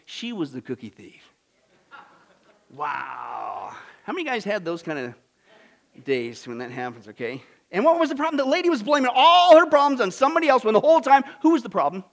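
Guy preaching a sermon, really high voice, goes quiet then loud, keeps saying listen. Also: very animated, normal speed, vocal fry. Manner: dynamic, swings from hushed to loud, repeats "listen". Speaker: pastor.

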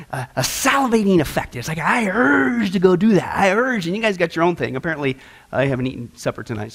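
A middle-aged man teaching a discipleship class in a casual, animated way, often asking the class questions. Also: sits high.

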